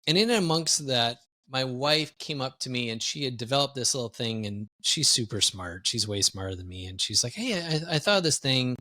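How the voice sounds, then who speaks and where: Man, podcast guest, mid-pitch, lively candid storyteller. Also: normal speed, few pauses. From Wisconsin, US. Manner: animated, candid, self-deprecating storyteller. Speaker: guest, executive coach.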